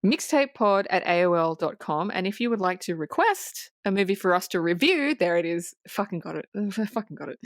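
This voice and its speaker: A woman co-hosting a casual movie podcast, swearing freely and laughing often in a playful, loud way. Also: lowish voice, expressive, brisk, hardly any pauses, no echo, studio quality. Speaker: podcast co-host. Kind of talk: casual chat.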